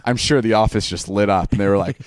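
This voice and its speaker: A young man telling a story on a podcast, animated and swearing a lot, jumping up in pitch when he acts out quotes. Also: quick pace, no room sound. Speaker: podcast host. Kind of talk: casual storytelling.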